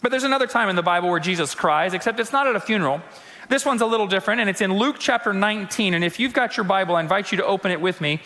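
A male pastor preaching a conversational sermon in a church, acting out quotes and slowing down for emphasis. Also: high voice, sharp tone, big-room sound. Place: church sanctuary.

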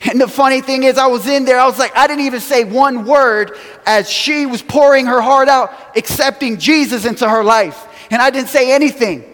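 A man with a high voice preaches a storytelling sermon. He acts out quotes and chuckles as he goes. A long reverb trails his words, as in a large church sanctuary. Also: moderate pace, fairly bright tone. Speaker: pastor.

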